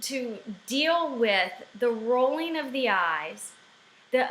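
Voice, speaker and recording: A woman's voice: fairly high pitch, a little slow, a bit bright, reverberant, slight background noise, poor audio. A middle-aged woman ranting animatedly in a casual vlog from her home office. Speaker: network marketing vlogger.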